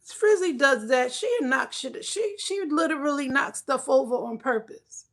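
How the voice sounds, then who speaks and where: A woman at home livestreaming and chatting casually with her viewers, loud and joking, cursing and talking back to the chat. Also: high voice, lively intonation, moderate pace, vocal fry.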